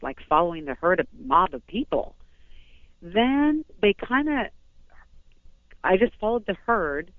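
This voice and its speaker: A woman's voice: fairly low pitch, no room sound. A woman from Southern California, a phone-in guest, giving an emotional first-person account in a rambling, breathless way with many restarts. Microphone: telephone. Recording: tinny phone line.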